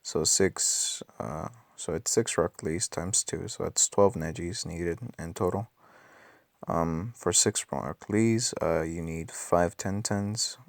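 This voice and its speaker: Raspy man, just out of bed, deep gravelly voice, dry close sound; casual game commentary, muttered calculations. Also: takes it slowly, dry recording. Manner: thinks aloud with many ums and self-corrections. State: just woke up. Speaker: mobile game player.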